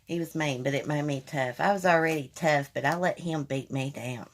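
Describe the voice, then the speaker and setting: A livestream host with a low-sitting voice and a moderate pace speaks candidly to her viewers over a phone stream. She tells personal stories in a casual chat, calling them y'all.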